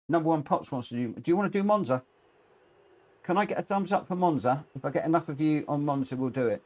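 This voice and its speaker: A man streaming online races, giving excitable live commentary and chatting with viewers. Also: a little high, quick pace. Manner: excitable, rising into animated commentary. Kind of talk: live race commentary and chat.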